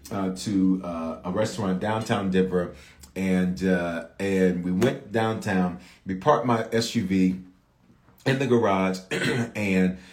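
A pastor preaching a sermon, telling stories in a loose, conversational way and jumping up in pitch to drive his points home. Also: echoey room. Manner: conversational storytelling with rising shouts of emphasis.

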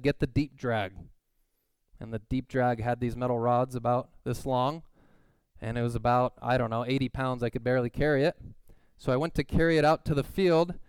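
A man preaching a sermon, telling a personal story with animated, acted-out quotes. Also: medium pitch, clear, resonant tone, no room sound. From California. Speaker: pastor.

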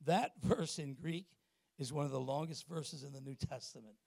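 A middle-aged man preaches a sermon in church with a notably high voice. He punches key points loudly, then drops to quiet, confiding asides, and keeps turning to the congregation with questions. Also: moderate pace, vocal fry, no room sound, studio quality. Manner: asks the congregation questions and acts out little exchanges. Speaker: pastor.

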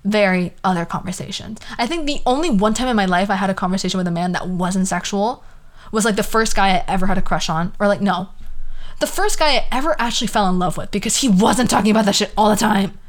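A young woman talks straight into her podcast in a loose, ranting monologue. She sounds fed up and sarcastic, swears often and keeps breaking off into quick asides. Her voice sits at an ordinary middle pitch for a woman. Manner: exasperated, swearing, animated rant with sarcastic asides. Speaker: podcast host.

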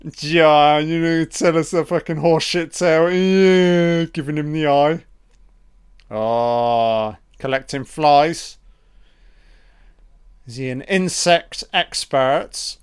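A man giving a crude, profane, excitable running commentary on a film, calling the characters love and baby. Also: fairly high pitch, takes it slowly, smooth.

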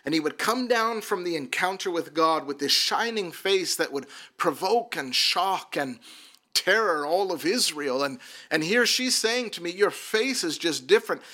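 A man's voice: sits high, expressive, a little slow, sharp tone. A man who works as a minister, telling his personal testimony earnestly and often repeating words as he restarts a sentence.

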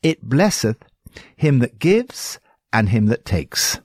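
A man's voice: medium pitch, sing-song, slow, a little mellow, breathy edge, dry recording. A man with an English accent giving earnest, pastoral devotional commentary on scripture.

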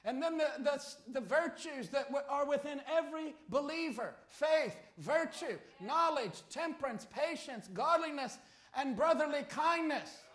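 High-voiced preacher man, echoey church. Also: expressive, a little slow. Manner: storytelling preacher, rising to shouts. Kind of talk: sermon.

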